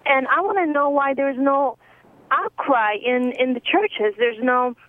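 A woman's voice: sits high, unhurried, no echo. A woman calling in to a radio show, speaking earnestly and indignantly. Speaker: caller. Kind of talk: radio call-in. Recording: dry, tinny phone line.

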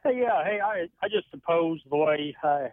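A man calling in to a radio show, talking in a hesitant, halting way. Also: fairly high pitch, lively intonation, no room sound. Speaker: caller. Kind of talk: phone-in call. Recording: tinny phone line.

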